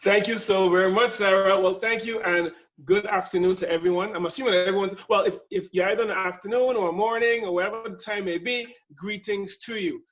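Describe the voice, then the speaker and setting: A man's voice: high voice, steady tone, a little fast, few pauses, fairly bright tone. A middle-aged man with a US Virgin Islands accent, giving an upbeat webinar talk in a jokey storytelling manner. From Saint Thomas, US Virgin Islands. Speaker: guest speaker, service consultant. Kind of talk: webinar presentation. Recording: muffled webinar audio.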